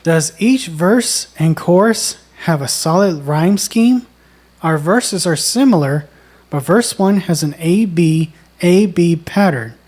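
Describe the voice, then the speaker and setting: A woman co-hosting a songwriting lesson, explaining in a measured, deliberate way. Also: on the low side, animated, darkish tone. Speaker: songwriting co-host. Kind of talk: instructional conversation.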